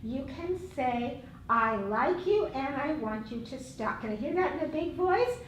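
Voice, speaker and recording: A woman's voice: high-pitched, animated, measured pace, a little hiss or hum. A woman teaching a safety workshop in an upbeat, encouraging way, giving directions to a group. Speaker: safety instructor. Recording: echoey room, distant mic.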